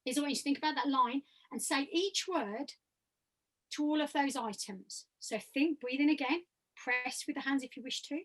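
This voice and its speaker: A woman leading an online vocal workshop, coaching participants through breathing and voice exercises and demonstrating them aloud. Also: high-pitched. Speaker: voice workshop leader. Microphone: video call.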